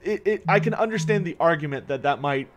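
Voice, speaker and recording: A man's voice: a little high, expressive, fast talker. A man streaming a strategy game live, chatting casually, answering viewers' questions and sounding tired. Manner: chatty, answers chat questions, swears when annoyed. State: tired, yawning. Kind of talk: casual live-stream commentary while playing.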